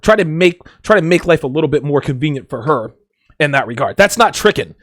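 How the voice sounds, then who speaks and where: A man talks through dating advice in a casual, blunt podcast monologue, cursing freely and acting out voices. His voice sits a bit high and moves a lot in pitch. The sound is dry, close and free of room echo. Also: sing-song, fairly quick, a bit bright. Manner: blunt, joking, swears freely; acts out quoted voices. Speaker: podcast host.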